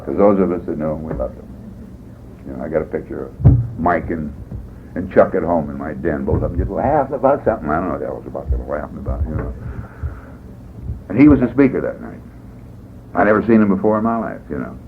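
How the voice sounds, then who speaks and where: A man's voice: a bass voice, lively intonation, fast talker, gravelly, pauses often. A man from California speaking at a recovery meeting, telling his story in a folksy, rambling way, often adding "boy" and "you know.". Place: meeting hall. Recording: tinny phone-like 1980s tape, faint hiss.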